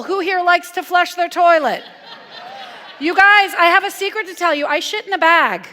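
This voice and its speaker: High-voiced woman preaching in a reverberant church. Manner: animated, playful storytelling with hushed earnest passages. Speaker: guest minister. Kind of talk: conversational sermon. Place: church sanctuary. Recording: long reverb from a church hall.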